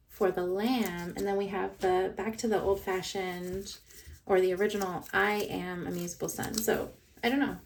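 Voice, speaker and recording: A woman unboxing plush toys in a casual vlog, gushing with excitement and often laughing. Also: mid-range voice, vocal fry, a little hiss or hum. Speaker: plush toy reviewer. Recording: voice a bit far from the mic.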